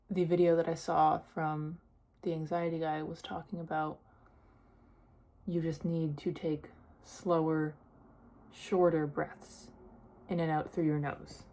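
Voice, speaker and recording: Low, mellow-voiced woman chatting casually. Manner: chatty, lots of "like" fillers. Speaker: vlogger. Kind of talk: casual personal vlog.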